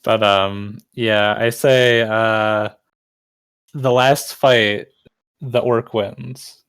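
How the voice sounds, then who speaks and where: A man's voice: fairly low pitch, steady tone, drawn-out words, fairly bright tone, smooth. A man playing in an online tabletop game, chatting casually and complaining with humor. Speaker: player. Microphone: voice call.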